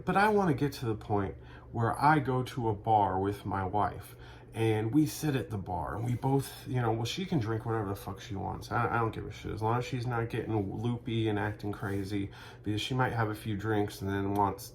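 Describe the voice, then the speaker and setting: A man riffing through a rambling, profane comic monologue in a deadpan delivery. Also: fairly low pitch, moderate pace, a little hiss or hum. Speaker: comedic vlogger.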